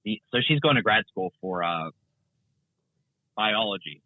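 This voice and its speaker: A young man talks in a rambling, animated way, full of fillers and restarts, his pitch swinging widely. The sound is dry and tinny, like a phone line, coming in over a remote call. He speaks as a guest in a casual interview. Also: measured pace, no room sound. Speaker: guest content creator.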